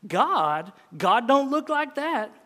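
A stern, self-righteous rural wife, as a preacher acts her out, scolding in a high, piercing voice. She sounds shrill and scornful, and her words ring through a long hall reverb. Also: animated, moderate pace, a bit bright. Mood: contemptuous.

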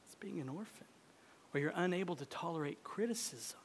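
A man preaching a sermon with passion, swinging between loud emphasis and a hushed voice. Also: fairly high pitch, lively intonation, a little fast, husky. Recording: echoey hall.

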